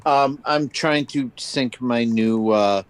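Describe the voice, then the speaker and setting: A man's voice: mid-range voice, takes it slowly, smooth. A man co-hosting a casual podcast, tossing off joking asides. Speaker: podcast co-host. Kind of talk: casual chat.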